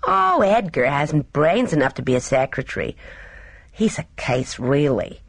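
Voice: medium pitch, wildly swooping pitch, unhurried, gravelly, no echo, full character voice. A reader voicing a cheerful, careless young woman who chatters in airy, slangy upper-class talk. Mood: breezy.

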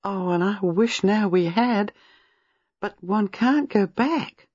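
A reader voicing an impulsive young wife who speaks breathlessly. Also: female voice, medium pitch, moderate pace, a little mellow, dry recording, dull audio, pitched above the performer's own voice, natural voice. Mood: earnest.

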